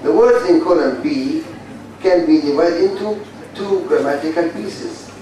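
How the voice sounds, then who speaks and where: A man speaking with an Egyptian Arabic accent delivers a blunt, repetitive phonetics lecture at a university, drilling his students. His pitch is fairly high, his pace measured and his tone warm. A distant mic in the large, very echoey hall adds faint hiss.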